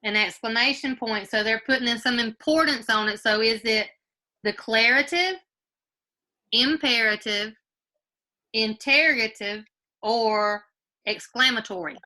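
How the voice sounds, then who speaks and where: Brief: woman grade-school teacher on a video call from home, very bright, slightly high voice, patient, repeats questions. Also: unhurried, long pauses. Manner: patient, quizzes pupils by name, repeats questions. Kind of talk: online class teaching.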